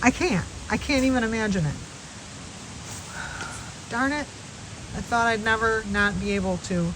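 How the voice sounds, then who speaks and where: A woman's voice: a little high, normal speed. A woman chatting casually in a backyard vlog, rambling as she calls out to the chipmunks and squirrels by name. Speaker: wildlife vlogger. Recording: outdoor recording with clear background noise.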